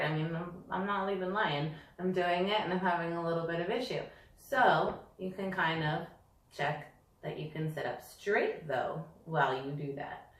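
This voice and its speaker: A woman teaching dressage riding, demonstrating the moves herself on a yoga ball as she explains them. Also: sits low. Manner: practical, demonstrates while talking. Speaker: dressage instructor. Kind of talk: instructional demonstration. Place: indoors, sitting on a yoga ball. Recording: roomy, distant mic, faint hiss.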